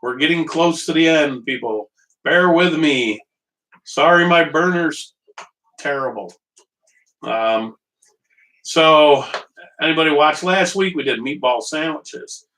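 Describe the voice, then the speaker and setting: A man's voice: a little high, slow, long pauses, fairly bright tone. A man hosting a live home cooking stream, rambling and joking with viewers while he waits on his stove. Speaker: home cooking show host. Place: kitchen at a small portable stove. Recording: distant mic.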